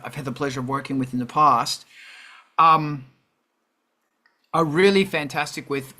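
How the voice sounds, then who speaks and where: A man hosting a casual livestream chat, rambling and animated with many fillers and restarts. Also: medium pitch. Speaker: host.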